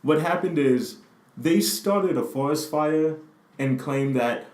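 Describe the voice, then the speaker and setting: A man's voice: on the high side, takes it slowly, darkish tone. A man co-hosting a casual news chat, joking and laughing often, recorded indoors in a room that is not well suited to recording. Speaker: news show co-host. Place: indoors, not ideal spot. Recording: echoey room.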